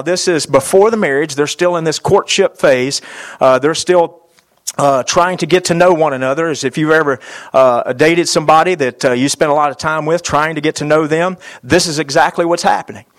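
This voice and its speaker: A middle-aged man preaching a sermon as pastor, speaking directly to his listeners, repeating phrases for emphasis, with frequent "uh" fillers. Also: on the high side.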